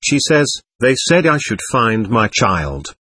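A man reading aloud the words of a lost, lonely, childlike girl spirit from a séance record, in a plain, steady way. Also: mid-range voice, slow pace, breathy edge, full character voice. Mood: wistful.

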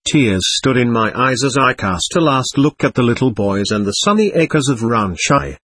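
Give me a man with a husky, breathy voice reading a memoir audiobook in an earnest, measured way, recorded dry and close. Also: mid-range voice, animated, a bit bright, no room sound. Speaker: narrator.

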